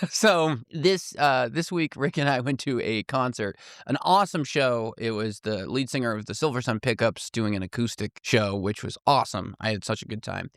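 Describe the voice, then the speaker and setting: A man co-hosting a podcast, telling a story in casual chat with a loud voice and frequent laughter. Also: mid-range voice, moderate pace, no room sound, clean studio sound. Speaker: podcast co-host.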